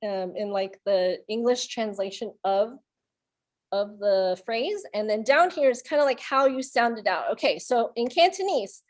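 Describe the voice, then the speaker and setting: A woman's voice: on the high side, unhurried. A woman leading a children's storytime, reading aloud and playfully making animal sounds with the kids. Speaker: children's librarian.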